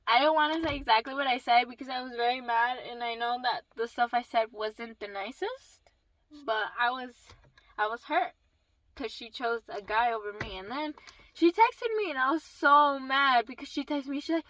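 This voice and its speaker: A young woman telling a personal story in a casual vlog, swearing and animated. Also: a little high, moderate pace, dry recording, low-quality recording. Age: young adult. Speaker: vlogger.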